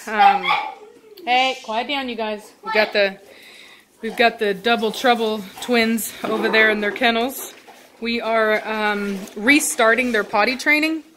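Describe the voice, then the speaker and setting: A woman's voice: a little high, fairly even intonation, unhurried, sharp tone, a little hiss or hum. A woman talking casually to her viewers at home while sitting with her dogs, rambling with many fillers and turning firm when she scolds the dogs. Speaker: dog breeder vlogger. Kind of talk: casual home video update.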